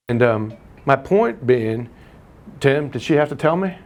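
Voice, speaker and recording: A man's voice: medium pitch, lo-fi sound, a little hiss or hum. A man teaching a live real estate class, telling stories and teasing the room. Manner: animated storyteller, teasing, quick asides. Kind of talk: live class lecture with anecdotes.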